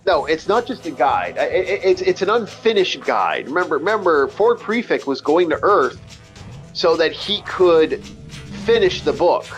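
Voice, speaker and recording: A man's voice: fairly high pitch, sing-song, normal speed, soft background music. A man hosting a casual gaming chat, rambling and swearing with many stumbling restarts. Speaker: let's play host. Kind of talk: casual chat over gameplay.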